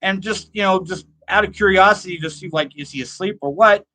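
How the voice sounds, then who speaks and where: A man's voice: high-pitched, fairly quick, bright, forceful tone. Rambling, self-amused male show host. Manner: rambling, self-amused, laughs often at own stories. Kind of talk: casual storytelling and reading viewer comments.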